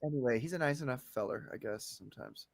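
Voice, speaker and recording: A man co-hosting a casual comedy chat, joking and profane, jumping from loud outbursts to mumbled asides. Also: mid-range voice, expressive, fast talker, gravelly, no room sound, clean studio sound. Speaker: podcast co-host.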